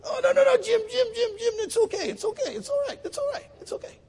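A man voicing teasing, puzzled male Israeli farm workers in a high, laughing, pleading voice. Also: lively intonation, fast talker, a little mellow, long reverb tail. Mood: laughing evasive.

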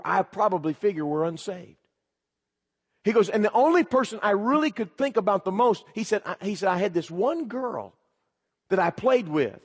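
High-voiced man preaching in a reverberant hall. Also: slightly rough. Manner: emphatic storytelling, repeating "he said"; urgent direct appeals to the listeners. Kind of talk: sermon. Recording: long reverb of a large hall.

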